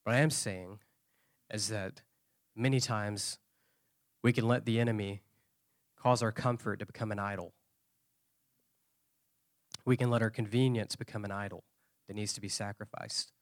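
A man preaching at a conference, telling a story with lively shifts of voice. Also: fairly low pitch, moderate pace, long pauses, no echo, clean studio sound. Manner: animated storyteller, acting out quoted voices. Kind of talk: sermon storytelling.

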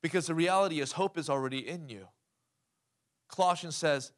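Briskly and emphatically, a pastor with a slightly high male voice delivers his sermon. He keeps asking the congregation questions and calling "Amen?"

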